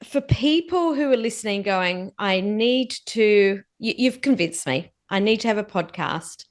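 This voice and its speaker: A woman's voice: medium pitch, animated. Encouraging woman hosting an interview. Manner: encouraging, quick affirmations. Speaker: podcast host. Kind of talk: casual interview.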